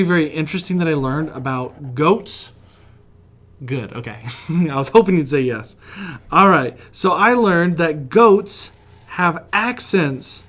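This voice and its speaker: A man from West Virginia, chatty and encouraging, teaching a children's drawing lesson while he sketches. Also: a little high. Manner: friendly, chatty, encouraging, laughs often. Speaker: kids' art teacher.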